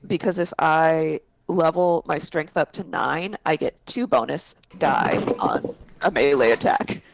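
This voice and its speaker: A woman with a raspy voice, playing in a tabletop game and chatting casually, laughing often. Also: sits low, a little slow, rough recording. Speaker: player.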